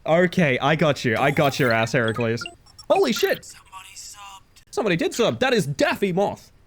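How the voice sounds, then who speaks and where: A man streaming a game live, chatting casually with his viewers in a playful, animated way and swearing freely. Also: fairly high pitch, fairly quick, faint music behind. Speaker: livestreamer. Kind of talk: casual chat while gaming live.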